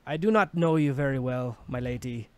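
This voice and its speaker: A man's voice: medium pitch, normal speed, darkish tone, clear, resonant tone, voice pushed up, lightly acted. A man voicing an old dwarf warrior giving a solemn, earnest farewell to his companions.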